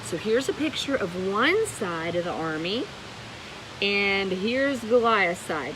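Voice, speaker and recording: A middle-aged woman reading a children's Bible story aloud in a live stream, expressive, asking her viewers questions. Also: medium pitch, takes it slowly, a little hiss or hum, low-quality recording. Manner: animated and expressive, with gasps and questions to the audience.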